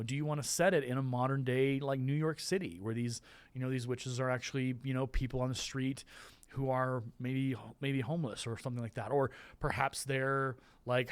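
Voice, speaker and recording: A man teaching a class, explaining the staging of a play in a loose, rambling way, with restarts and playful voices. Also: mid-range voice.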